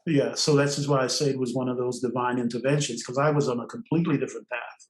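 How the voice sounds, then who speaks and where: An older man from Trinidad, a podcast guest, telling stories in an animated way and laughing often between phrases. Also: mid-range voice, quick pace, echoey room, low-quality recording. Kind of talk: storytelling interview.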